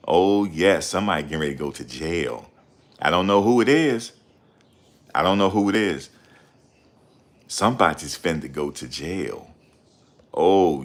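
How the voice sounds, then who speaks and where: A middle-aged man hosting his channel, talking in a loud, confrontational, profane rant. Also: very deep voice. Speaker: channel host. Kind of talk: ranting livestream commentary.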